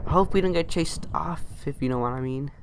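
A man giving casual, excitable gameplay commentary as a channel host, chatting to his teammate and taunting opponents as he plays. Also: a little high, a little fast, heavy background noise. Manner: excitable, chatty, talks to his teammate and foes while playing.

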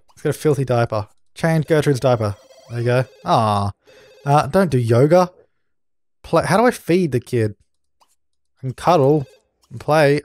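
A man's voice: a little high, a little mellow. Exasperated young man bossing game characters. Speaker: gaming channel host. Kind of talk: let's play commentary.

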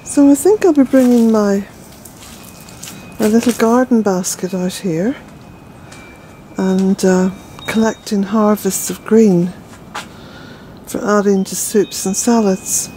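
A woman's voice: mid-range voice, slow, warm tone, a little hiss or hum, poor audio. An older woman from Ireland, a vlogger chatting outdoors in her garden, out of breath and rambling with fillers. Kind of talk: casual walk-and-talk narration.

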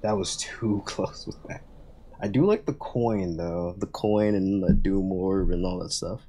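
A man's voice: low-pitched, measured pace, mellow. A young man giving rambling, casual gameplay commentary as a gaming video host, often laughing and swearing.

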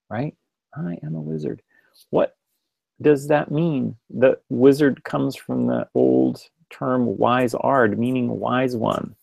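Gravelly man giving a rambling webinar talk. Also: mid-range voice, darkish tone, dry recording. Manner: rambling, with restarts and direct questions to listeners. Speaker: webinar presenter. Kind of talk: casual spoken webinar lecture.

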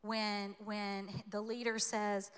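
Bright-voiced woman preaching in a reverberant church. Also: mid-range voice, slow pace, clean tone. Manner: animated, conversational, playful asides. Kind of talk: sermon. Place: church sanctuary. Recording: long hall reverb.

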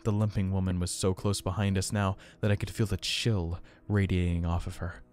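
A man narrating a first-person horror story in a tense, hushed storytelling manner. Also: low-pitched, level tone, moderate pace, soft background music.

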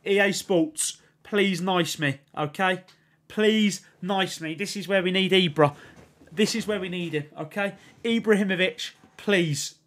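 A man's voice: high voice, unhurried, a bit bright. A young English man streaming a video game, swearing and swinging between ranting and cheering as he talks to his chat. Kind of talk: live game commentary to chat.

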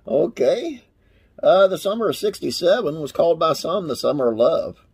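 A man's voice: fairly high pitch, lively intonation, normal speed, darkish tone, husky. A man hosting a classic TV trivia channel, reading facts aloud and wandering into folksy, rambling asides with religious sign-offs.

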